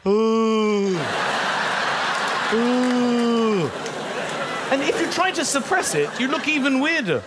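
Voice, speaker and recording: A British man performing stand-up comedy, animated, with exaggerated sound effects and mock voices. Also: very high-pitched, quick pace, few pauses. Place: large theatre stage. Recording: roomy hall with loud crowd and noise.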